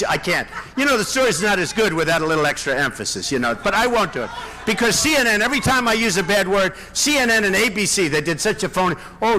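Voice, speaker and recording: A man's voice: high voice, pushed and bright. A man giving a campaign rally speech, boastful and rambling, with many asides to the audience. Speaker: political candidate.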